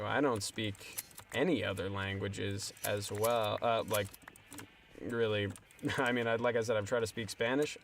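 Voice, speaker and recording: A man's voice: mid-range voice, a little hiss or hum. A young man streaming a game, chatting casually and rambling to his viewers in a self-deprecating way. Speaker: livestreamer. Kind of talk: casual gameplay stream chat.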